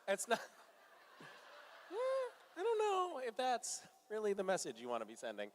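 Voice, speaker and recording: A man's voice: very high voice, huge pitch swings, a little slow. Joking, laughing male panel guest. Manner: laughs a lot, loose and playful, many ums. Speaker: actor, convention panel guest. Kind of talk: joking convention Q&A chat.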